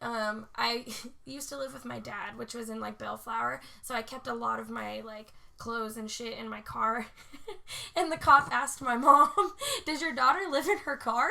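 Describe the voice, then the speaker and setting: A woman's voice: on the high side, steady tone, measured pace, vocal fry, sharp tone. A young woman co-hosting a podcast, telling a story in casual chat, swearing a lot, laughing often and saying "like" constantly. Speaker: podcast co-host.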